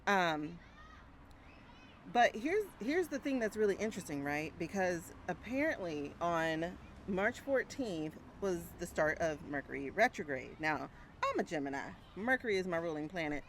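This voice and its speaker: A woman's voice: fairly low pitch, big pitch swings, moderate pace. A woman, chatting casually to her viewers outdoors with a phone mic, laughing often. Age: 40s. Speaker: brand coach. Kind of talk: casual vlog chat. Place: outdoors by a street. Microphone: small mic plugged into a phone. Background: faint traffic.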